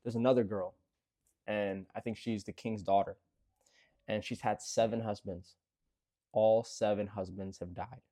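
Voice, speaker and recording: A man with a low, mellow voice tells a scripture story as encouragement. He talks casually and earnestly, repeats words for emphasis, and addresses the listener directly. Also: steady tone, unhurried, long pauses. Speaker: bible storyteller.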